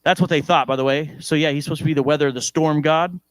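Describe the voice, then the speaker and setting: A male preacher with an American accent giving a lively sermon in church, joking and asking the congregation questions. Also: on the high side, fast talker, no room sound.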